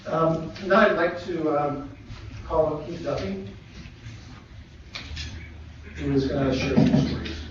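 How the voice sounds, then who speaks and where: Soft-spoken man in an echoey lecture hall. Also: on the high side, background noise. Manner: soft-spoken, halting, with frequent pauses. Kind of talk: memorial tribute talk. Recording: echoey hall, distant mic, dull livestream audio.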